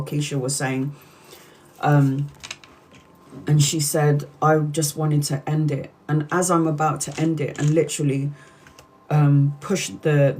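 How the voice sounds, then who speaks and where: Earnest woman retelling a story. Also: low voice. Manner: earnest, animated retelling with many restarts. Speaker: tarot reader retelling a book. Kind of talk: emotional live-stream storytelling.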